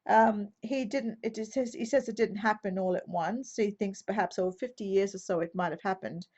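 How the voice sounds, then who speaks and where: Woman giving a measured teaching talk. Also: mid-range voice, a little mellow. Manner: measured, methodical explaining with occasional self-corrections. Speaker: Bible teacher. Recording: slightly dull lo-fi recording.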